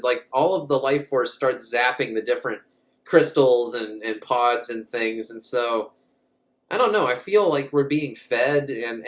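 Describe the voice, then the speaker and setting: A man's voice: mid-range voice, fairly bright tone. A man recapping a movie in a casual, comic way, rambling, swearing and often laughing. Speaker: movie reviewer.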